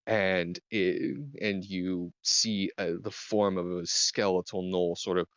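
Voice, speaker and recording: A very low-voiced man leads a tabletop game, describing a dream scene slowly, with many pauses and fillers. His voice is dry and close to the mic. It comes through a dull, muffled online voice chat. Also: little pitch movement, fairly bright tone, no echo. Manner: slow and halting, many fillers. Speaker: game master.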